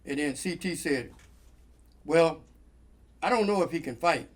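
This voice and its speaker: A man's voice: fairly high pitch, a little slow. A man telling a long funny story in casual chat, acting out the voices of the people in it and laughing often. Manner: animated, acts out quoted voices, laughs often. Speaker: guest storyteller.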